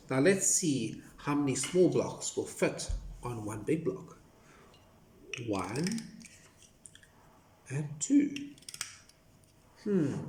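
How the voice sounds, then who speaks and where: A man leading a children's music lesson, playful and animated, counting and chanting rhythms to clap along to. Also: a little high. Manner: playful, animated, sing-song counting and clapping. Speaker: music teacher for young children. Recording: echoey room with background noise.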